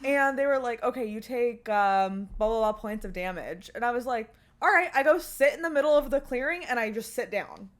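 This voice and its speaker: A young woman co-hosting a podcast, telling a story in casual chat, animated, swearing and laughing as she goes. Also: on the high side, a little fast, few pauses. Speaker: podcast co-host.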